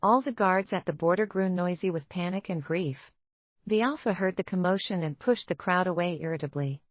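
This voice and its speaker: A woman narrating a first-person romance story in a steady, dramatic manner. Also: lowish voice, normal speed, dry recording. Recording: dull, dry lo-fi sound.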